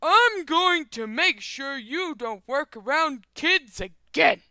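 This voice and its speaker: An entitled, angry father barks his complaints with a slight Southern twang and loud indignation, as a woman reading a story puts him on. The voice is bright and clear. It sits close and dry in the recording. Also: high voice, a little slow, no room sound, voice pushed up. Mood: angry, indignant. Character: angry entitled father confronting a bus driver.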